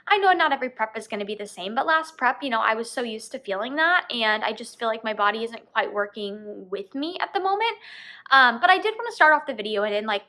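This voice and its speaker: A woman's voice: a little high, animated, fast talker, bright, forceful tone. A young woman talking candidly to her camera in a personal vlog, rambling with many ums and you-knows. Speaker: vlogger and fitness coach.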